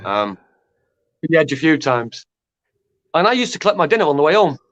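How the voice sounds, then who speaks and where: A man with a Northwest England accent, chatting as a guest gardener on a video call, deadpan and halting with restarts. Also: a little high, no room sound, highs cut off. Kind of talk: casual chat.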